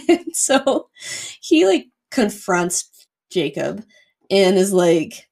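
A young woman co-hosting a podcast, telling a story in a casual, profane, animated way full of "like". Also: medium pitch, drawn-out words, gravelly. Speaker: podcast co-host.

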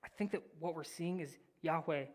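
A preacher reading scripture and teaching, swinging between loud declarations and near-whispered phrases, with casual asides to the listeners. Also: mid-range voice, normal speed. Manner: casual, addresses listeners as "guys". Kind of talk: sermon with Bible reading and teaching.

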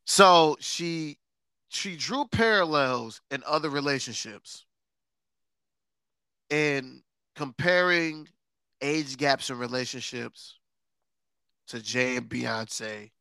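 A man hosting a podcast in casual chat, sarcastic and quick to laugh, stretching words for emphasis. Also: mid-range voice, gravelly, pushed and bright, clear, resonant tone, no echo. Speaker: podcast host.

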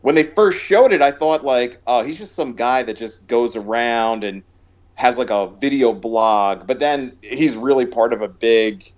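A man's voice: medium pitch, a little slow. A man chatting casually about a movie, rambling with lots of fillers and restarts. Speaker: podcast co-host. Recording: dull lo-fi sound.

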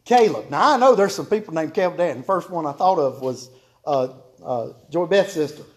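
Male preacher, high voice, homespun humor, hammers key lines by repeating them. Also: lively intonation, brisk, a little mellow. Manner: homespun, joking, repeats key phrases for emphasis. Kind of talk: folksy sermon to a congregation.

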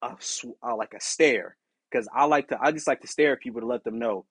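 A man hosting a podcast, telling a casual story in an animated, profane way and acting out the people in it. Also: mid-range voice, a little fast, husky, dry recording. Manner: animated, profane, acts out quoted exchanges. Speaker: podcast host.

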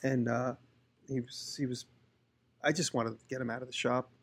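A man's voice: medium pitch, fairly even intonation, moderate pace, husky. A man hosting a casual podcast, telling long rambling anecdotes about his workshop. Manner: rambling anecdotes, with voices for the people he quotes. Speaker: podcast host, woodworker. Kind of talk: casual chat, storytelling.

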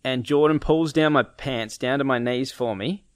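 A man's voice: medium pitch, normal speed, dry recording, studio quality. A young man casually telling a story, acting out his friends' lines and laughing often.

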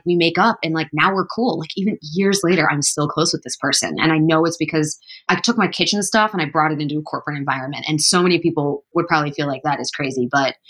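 A woman's voice: fairly low pitch, fairly bright tone, husky. Chatty, upbeat woman full of "like"s. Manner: chatty, upbeat, heavy use of "like". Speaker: guest. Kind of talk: casual interview chat.

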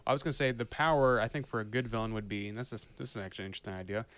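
Clear-voiced man in casual podcast chat. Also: on the low side, racing. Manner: animated, often restarts sentences. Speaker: podcast co-host.

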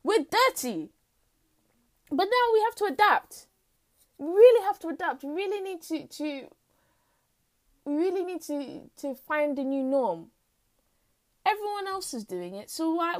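A teenage girl's high, sing-song voice moves at a moderate pace through an unscripted podcast monologue from home. Playfully dramatic but tired and lightheaded, she's recorded on a home mic.

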